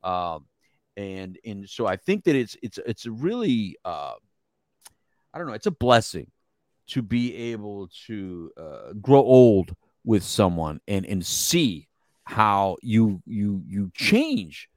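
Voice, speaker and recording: Casting: middle-aged male podcast host, animated storyteller, dry close sound, swinging pitch. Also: slow, dry recording. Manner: animated storyteller, laughs often, repeats words. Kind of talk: casual chat.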